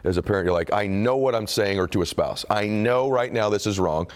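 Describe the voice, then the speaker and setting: A man's voice: on the low side, brisk. A man being interviewed about his book, telling a personal story in an earnest, emotional and reflective way. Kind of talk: candid conversational storytelling.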